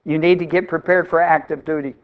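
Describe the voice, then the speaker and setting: A man with a high voice preaches, pressing each point and saying key lines twice. The recording sounds a little dull and lo-fi. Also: fairly even intonation, a little fast. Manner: emphatic, repeats phrases for stress. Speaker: pastor. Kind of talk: sermon.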